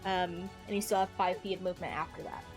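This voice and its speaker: A woman's voice: lowish voice, flat delivery, fast talker, over music. A woman narrating as game master of a tabletop game, hesitant and full of fillers.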